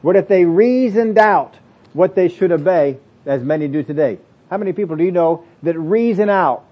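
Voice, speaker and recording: Male preacher, slightly high voice, conversational sermon, acts out excuses, dull muffled audio. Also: lively intonation, normal speed. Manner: plain-spoken, acts out imagined excuses in varied voices.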